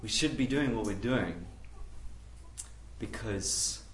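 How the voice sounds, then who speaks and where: A man preaching a camp sermon, swinging from hushed, pleading passages to loud, impassioned ones. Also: on the low side, animated, slow pace, slight background noise. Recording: echoey room, mic at a distance.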